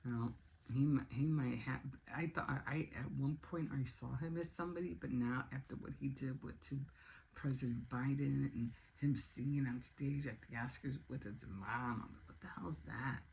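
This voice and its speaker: Chatty creaky woman in her sixties. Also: very deep voice, normal speed, a little mellow, slight background noise, low-quality recording. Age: 60s. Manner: rambling, chatty, with frequent restarts and laughs. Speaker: vlogger. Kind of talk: casual chat.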